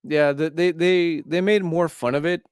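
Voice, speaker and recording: A man's voice: a little high, fairly even intonation, normal speed, clean tone, dry recording, studio quality. A man hosting a livestream, chatting casually and rambling with lots of "like" fillers. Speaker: livestream host. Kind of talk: casual chat.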